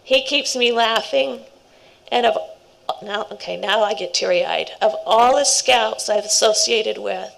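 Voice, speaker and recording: Gravelly-voiced woman giving a heartfelt speech. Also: medium pitch, low-quality recording. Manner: warm, rambling, laughing asides. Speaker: scout leader. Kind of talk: speech at a ceremony.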